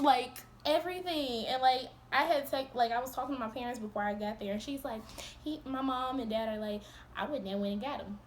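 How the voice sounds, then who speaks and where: A young woman in a storytime vlog, retelling events in an animated, profane, exasperated way, breaking into laughs. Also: sits high, a little fast, slight background noise. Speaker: vlogger.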